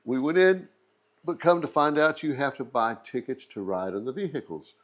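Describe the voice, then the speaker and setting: Middle-aged texan guy rambling thru a funny travel story, easygoing, mid pitch. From Texas. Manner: rambling, joking anecdote with asides. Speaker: museum channel host. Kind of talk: casual storytelling.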